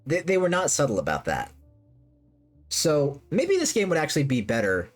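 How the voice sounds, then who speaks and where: A woman's voice: sits low, huge pitch swings, moderate pace. A woman streamer chatting casually with her live chat, rambling and repeating herself with lots of fillers. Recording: faint music behind.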